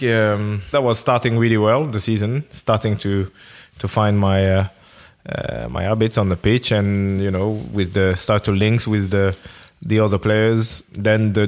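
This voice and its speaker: A man from France, answering interview questions in a hesitant, word-searching way. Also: lowish voice. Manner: hesitant, searching for words with many restarts. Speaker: interview guest, former footballer. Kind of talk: casual conversational interview.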